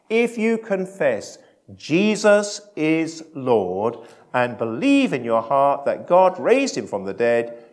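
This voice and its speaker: A man preaching a sermon to his congregation in a church service, animated, swinging between loud emphasis and quiet asides, with self-deprecating humour. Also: medium pitch. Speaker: pastor.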